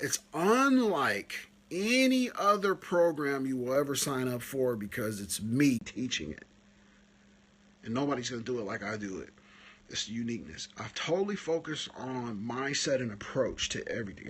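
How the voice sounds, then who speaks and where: A husky-voiced man talks casually on a live stream, coaching photographers. He tells stories with lots of energy, his voice climbing high as he acts out what others said. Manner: animated storyteller, rises high when retelling stories.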